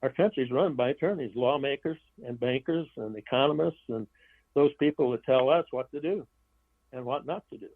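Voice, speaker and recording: A man talking down a tinny, narrow phone line, dry and close with no room sound. He speaks bluntly and keeps stopping to restart his phrases, at a middling pitch. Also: normal speed, no echo. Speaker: author and guest. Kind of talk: interview over the phone.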